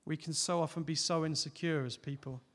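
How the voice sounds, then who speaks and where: A man preaching a sermon, earnest, rising to loud emphatic peaks and dropping to soft, close appeals. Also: fairly high pitch, fairly even intonation, fairly quick. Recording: long hall reverb.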